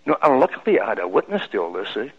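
A man with a Scottish accent, a radio guest telling a personal story in an animated way, with many restarts. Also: on the low side, racing, slightly rough. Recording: lo-fi radio broadcast.

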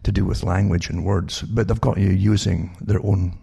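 A male online commentator goes over news articles at a moderate pace, his voice low, gravelly and dark with a steady tone. The commentary wanders in loose bursts, frequently breaking off to restart with rhetorical questions for listeners.

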